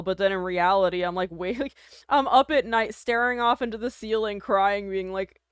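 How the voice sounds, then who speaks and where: A woman's voice: medium pitch, moderate pace, clear, resonant tone, dry recording, clean studio sound. A woman streaming live, chatting casually with her viewers, self-deprecating, laughing often and swearing freely.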